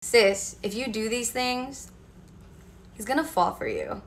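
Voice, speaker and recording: A woman's voice: on the high side, takes it slowly, vocal fry, a little hiss or hum. A young woman giving casual dating advice straight to camera, sassy and direct, calling her listeners sis.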